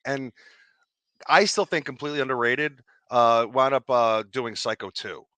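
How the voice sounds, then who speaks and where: Male co-host, mid-pitched bright voice, stumbles over words while talking films. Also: normal speed, clean tone, dry recording. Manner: film-buff talk with stumbling restarts. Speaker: podcast co-host. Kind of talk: casual chat.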